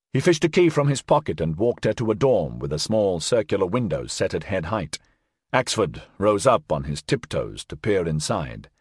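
A man narrating an audiobook in an expressive storytelling manner. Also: lowish voice, moderate pace, breathy edge, no echo, studio quality.

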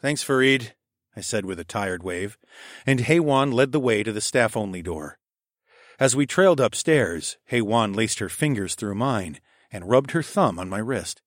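A man narrating a first-person story in a steady, even reading voice on a close mic. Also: fairly low pitch, normal speed, no room sound. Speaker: audiobook narrator.

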